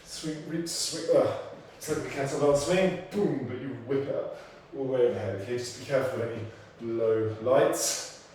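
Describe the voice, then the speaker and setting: A man coaching an online workout class, counting down intervals and cueing form while out of breath, in an energetic, encouraging way. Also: mid-range voice, moderate pace, few pauses, distant mic. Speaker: fitness instructor. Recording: very echoey room, off-mic, faint noise.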